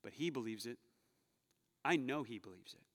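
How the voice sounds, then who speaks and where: Um jovem pastor pregando um sermão, contando histórias com humor e exortando a congregação com ênfase crescente. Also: male voice, medium pitch, animated, normal speed. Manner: storytelling, joking, rising to loud urging. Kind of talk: sermon. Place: church sanctuary. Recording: long hall reverb.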